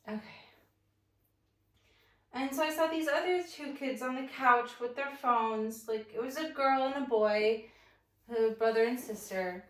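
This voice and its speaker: A woman's voice: fairly high pitch, a little slow, pauses often. Chatty woman, roomy distant sound. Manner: chatty and rambling, animated when acting out the story. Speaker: fitness instructor. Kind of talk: casual storytelling while guiding a morning stretch.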